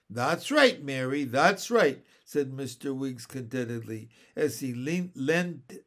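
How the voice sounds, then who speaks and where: A man reading a children's story aloud as narrator, expressive and unhurried. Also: mid-range voice. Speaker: audiobook reader.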